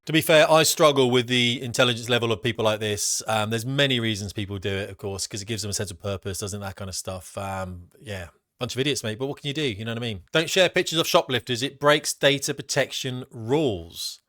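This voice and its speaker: A man's voice: mid-range voice, a little fast, a bit bright, no echo, studio quality. A middle-aged man from Britain giving blunt, emphatic, slangy commentary as a vlogger. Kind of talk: opinionated commentary.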